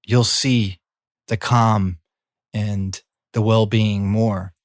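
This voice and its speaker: Man, middle-aged, soothing slow monologue, dry close sound. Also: on the low side, steady tone, no room sound. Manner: slow, soothing, drawn-out phrasing. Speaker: coach and former healing practitioner. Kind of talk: reflective monologue.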